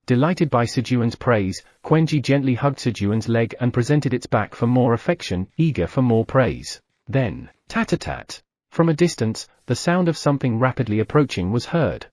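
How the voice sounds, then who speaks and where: A man reading an audiobook novel in steady, scripted narration. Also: mid-range voice, normal speed, no room sound, clean studio sound. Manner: steady storytelling read.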